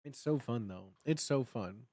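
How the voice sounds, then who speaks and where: A streamer in their thirties from the Chicago area, chatting casually at home in a rambling way with sudden excited bursts. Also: measured pace, no echo. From Chicago area, United States. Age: 30s. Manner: animated, with sudden high bursts when acting out cheering; rambling, many fillers and restarts. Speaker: livestream host. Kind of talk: casual livestream chat.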